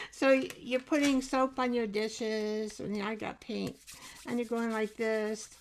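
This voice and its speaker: A woman's voice: a little high, fairly even intonation, takes it slowly, a little hiss or hum. A woman hosting a live art show, chatting casually and rambling with viewers while she paints, often breaking into laughter. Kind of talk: casual live craft demo chat.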